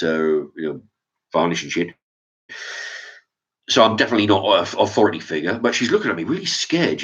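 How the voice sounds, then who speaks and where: A man's voice: low voice, fairly bright tone. A man ranting casually to camera as a vlogger, swearing often and stumbling over restarts. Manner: profane, rambling, with stammered restarts. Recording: dull lo-fi sound.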